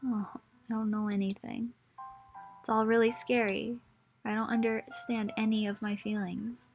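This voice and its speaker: A woman's voice: on the high side, level tone, moderate pace, faint music behind, close to an everyday voice. A woman reading Sayori, a sad hurting schoolgirl. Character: sad self-blaming teenage girl, gentle and hurting. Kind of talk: reading game dialogue aloud.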